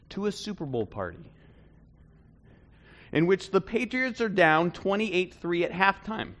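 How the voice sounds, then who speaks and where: A man preaching a conversational sermon, swinging between loud bursts and hushed asides. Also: sits high, sing-song, measured pace, long pauses. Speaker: pastor.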